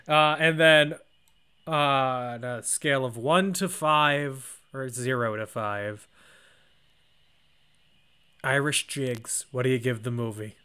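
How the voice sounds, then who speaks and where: A man co-hosting a podcast in casual movie chat, with dry, deadpan humor. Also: mid-range voice, takes it slowly, long pauses, smooth. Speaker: podcast co-host.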